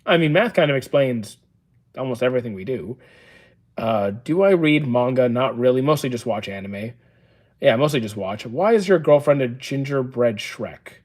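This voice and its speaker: This thirtysomething livestream host reads questions from chat and responds calmly and dryly, sticking to the facts and saying "uh" a lot. He talks at a normal speed with a medium pitch.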